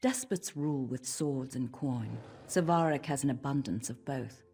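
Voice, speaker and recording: An actress voicing a stern dark elf woman who serves as a tower steward in a video game, speaking in a measured, formal way. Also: a bass voice, slightly rough, exaggerated voice. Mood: grave. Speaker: game character.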